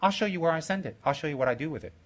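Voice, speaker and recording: A man's voice: a little high, expressive, racing. A middle-aged man giving an informal Dharma talk as a Buddhist teacher, teasing and jokey in blunt short phrases.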